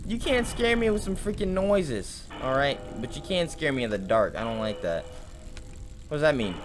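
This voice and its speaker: A young man hosting a let's play, jumpy and shouting when startled, then taunting with slangy mock bravado. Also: fairly high pitch, sing-song, moderate pace. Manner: mock-brave taunting and slangy banter with viewers. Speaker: gaming video host.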